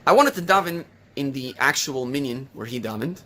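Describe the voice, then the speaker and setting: A male rabbi preaching a sermon, firing off rhetorical questions and retelling a story with lively emphasis. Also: medium pitch, normal speed.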